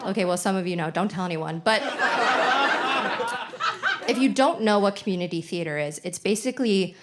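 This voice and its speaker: A woman's voice: fairly low pitch, expressive, moderate pace, over a noisy crowd. A woman in her twenties doing stand-up comedy on a theater stage, chatty and playful, leaning on lots of "like" as she tells stories. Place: theater stage with live audience. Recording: noisy live theater recording.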